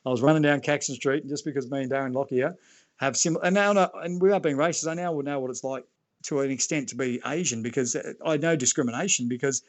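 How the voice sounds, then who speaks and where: A man's voice: medium pitch, fast. An Australian man in his forties, a retired rugby league player, telling rambling anecdotes as a podcast guest, with lots of restarts. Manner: rambling anecdotes full of "you know" and restarts. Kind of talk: casual podcast chat, storytelling.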